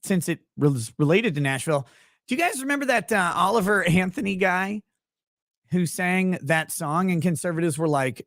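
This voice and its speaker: A man's voice: high-pitched, lively intonation, moderate pace, fairly bright tone, no room sound, studio quality. A man hosting a livestream with casual, sarcastic, rambling commentary, talking to his chat viewers by name. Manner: sarcastic, rambling, mocking impressions. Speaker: livestream host.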